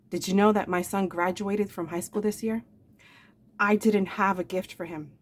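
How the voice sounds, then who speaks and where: A woman's voice: medium pitch, husky. A woman in her forties speaking in an earnest, emotional confessional vlog, calling her viewers "my darlings" and repeating phrases for emphasis. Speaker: vlogger. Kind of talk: heartfelt confessional vlog talk.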